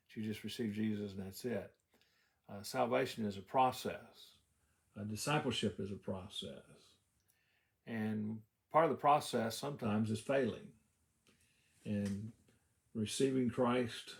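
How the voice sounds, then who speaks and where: Male pastor, low and warm, easy conversational Bible teaching full of "uh"s, roomy echo. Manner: conversational, with frequent "uh" fillers and restarts. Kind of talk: casual devotional Bible teaching.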